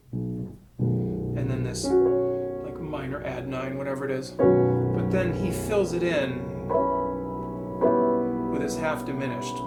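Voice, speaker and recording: A man giving a casual piano lesson, thinking aloud and stopping to sing notes and syllables. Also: medium pitch. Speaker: piano teacher. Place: room with a piano. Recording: roomy room with piano playing.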